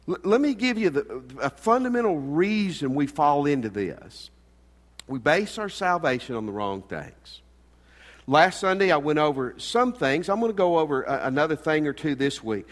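A middle-aged man preaching a sermon as pastor, earnest, swinging between loud emphasis and quiet asides. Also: on the high side, big pitch swings, normal speed. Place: church sanctuary. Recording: long hall reverb.

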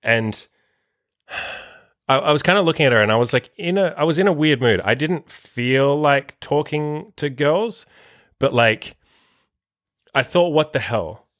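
A man's voice: on the high side, expressive, a little slow, pauses often, fairly bright tone, dry recording, clean studio sound. A young man hosting a podcast, telling a casual story in a crude, profane way and leaning heavily on the filler word "like". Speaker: podcast host.

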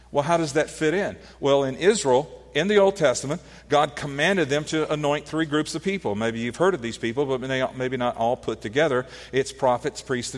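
A man's voice: mid-range voice, big-room sound. A man preaching a sermon, teaching earnestly with rhetorical questions and frequent restarts. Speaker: pastor.

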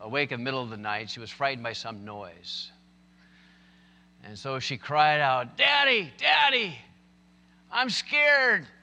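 A man's voice: on the low side, bright, forceful tone, long reverb tail. A man preaching a sermon, telling stories and building to emphatic, impassioned points. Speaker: pastor.

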